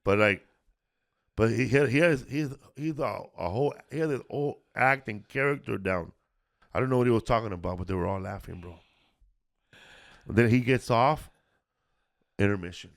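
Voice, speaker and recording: Low-voiced man telling loose road stories. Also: moderate pace, gravelly, pauses often. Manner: loose, profane, peppered with "bro". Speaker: podcast host, comedian. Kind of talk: casual storytelling chat.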